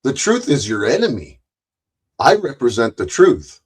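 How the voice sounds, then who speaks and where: Man, angry rant, heavy swearing, blunt, repeats himself, mid pitch. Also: very animated, unhurried, slightly rough. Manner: repeats himself, frequent restarts. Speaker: streamer. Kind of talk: angry ranting monologue.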